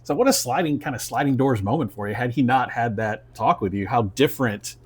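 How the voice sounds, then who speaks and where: A man hosting a podcast, asking questions in a relaxed, casual way. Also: medium pitch, a little fast, husky. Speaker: podcast host. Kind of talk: casual interview chat.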